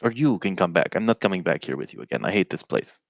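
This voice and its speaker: Sarcastic fed-up adventurer played by a man, lowish voice, dry close mic, grumbling. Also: animated, quick pace, creaky, no room sound, highs cut off, exaggerated voice. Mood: exasperated. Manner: irritable, grumbling complaints. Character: exasperated male adventurer, testy and sarcastic. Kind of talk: tabletop role-play in character.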